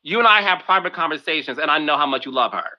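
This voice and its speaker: A man's voice: on the high side, lively intonation, rapid-fire, lo-fi sound. A man hosting a podcast, playful and sassy, coaxing his guest with friendly advice. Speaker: podcast host and producer. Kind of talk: casual podcast conversation.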